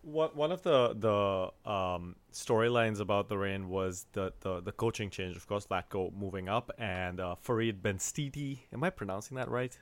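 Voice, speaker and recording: A man's voice: fairly low pitch, normal speed, hardly any pauses. Man from India, podcast host, loose and jokey. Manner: playful, self-deprecating, asks questions. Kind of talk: casual podcast chat.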